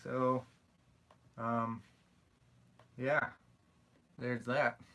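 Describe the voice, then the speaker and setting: A young man hosts a casual live stream, answering viewer questions in a loose, rambling way and apologizing often. His voice has a bright, forceful edge at an ordinary middle pitch. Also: level tone, very slow. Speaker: YouTube creator answering live chat questions.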